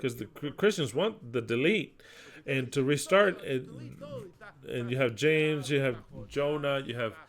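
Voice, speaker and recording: A man preaching a sermon, declaiming scripture loudly and dropping into quiet asides. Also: mid-range voice, unhurried. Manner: emphatic, swings between loud declaiming and quiet asides.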